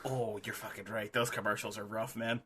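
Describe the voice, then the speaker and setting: A young man co-hosting a casual wrestling podcast chat, excitable, laughing often and swearing freely. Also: on the low side, moderate pace, husky. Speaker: podcast co-host.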